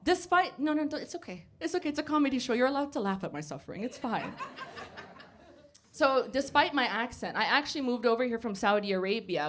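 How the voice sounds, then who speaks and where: A woman's voice: sits high, lively intonation, moderate pace, a bit bright. A woman doing a stand-up comedy set, brash and sarcastic, swearing freely. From United States. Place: basement comedy club before a live audience.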